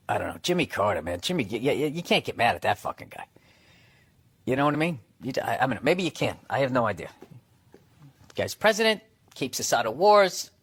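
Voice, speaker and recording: A man's voice: medium pitch, fairly bright tone, slightly rough. A man talking in casual chat, rambling into sarcastic, profane rants.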